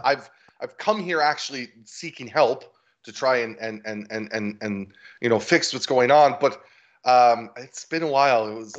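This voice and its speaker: A man's voice: medium pitch, close to an everyday voice. A man voicing a friendly male halfling villager who talks in a chatty, welcoming way. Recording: dull lo-fi audio.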